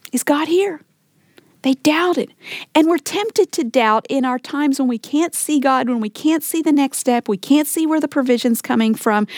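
Female Bible teacher, middle-aged, mid-high voice, dry recording; sermon delivery with acted quotes and whispered asides. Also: gravelly, a little mellow, no room sound. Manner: acts out quoted complaints in raised voice.

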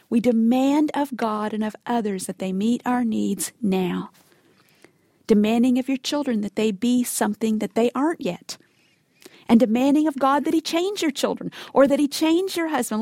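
A woman's voice: fairly high pitch, normal speed, dark tone, no echo, studio quality. A woman giving a sermon, earnest and emphatic, acting out quoted complaints and sometimes dropping to a whisper for emphasis. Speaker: Bible teacher.

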